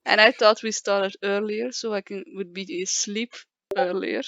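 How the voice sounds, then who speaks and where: A woman's voice: medium pitch, steady tone, normal speed, fairly bright tone, no room sound. A woman hosting a game playthrough, chatting playfully and giggling with a friend. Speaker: let's play host. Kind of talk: casual chat over a game.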